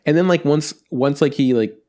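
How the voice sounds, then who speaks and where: A man's voice: on the high side, normal speed, warm tone. Rambling man co-hosting a casual podcast. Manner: rambling, filler-heavy, acts out quotes. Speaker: podcast co-host. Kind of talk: casual anime review chat.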